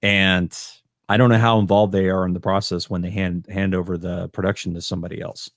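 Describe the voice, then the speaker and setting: A man with a fairly low voice co-hosts a casual podcast. He talks bluntly and rambles, tripping over his own restarts. His voice sits close and dry on a studio podcast mic. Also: flat delivery, brisk, no room sound. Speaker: podcast co-host.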